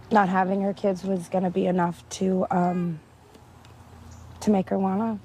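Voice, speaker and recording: Flat, mellow, halting voice. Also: mid-range voice, a little hiss or hum, poor audio. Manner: halting, searching for words. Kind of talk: interview.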